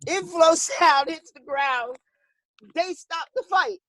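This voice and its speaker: A boxing coach in a woman's high voice tells a lively story, acting out the voices of the people in it. She laughs often as she talks. The sound is dry, with no room echo. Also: slow pace. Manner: animated, acts out quoted voices, laughs often. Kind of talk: storytelling in an interview.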